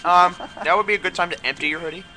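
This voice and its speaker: A man's voice: high voice, bright, forceful tone, soft background music. A man hosting a let's play, joking and rambling in casual game commentary. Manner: joking, rambling, quick laughs.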